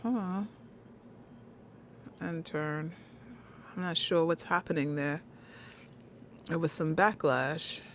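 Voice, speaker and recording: A woman streaming a card game, muttering her moves quietly between bursts of loud laughing chat. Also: deep voice, slow pace, long pauses, slight background noise. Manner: mutters quietly while playing, then loud laughing banter. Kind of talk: casual gameplay commentary.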